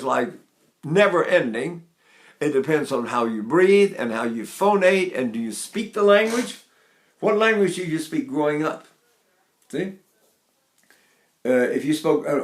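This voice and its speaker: A man's voice: on the high side, echoey room. A man in his eighties giving an informal voice lesson, rambling a little and breaking into short sung demonstrations. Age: 80s. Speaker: voice teacher.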